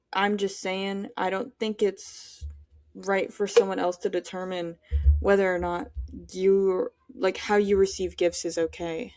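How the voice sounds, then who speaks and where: A woman's voice: fairly low pitch, darkish tone, dry recording. Chatty opinionated teenage girl, dry sound. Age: teens. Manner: chatty, opinionated, thinks aloud with fillers. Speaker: podcast host. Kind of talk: casual solo podcast commentary.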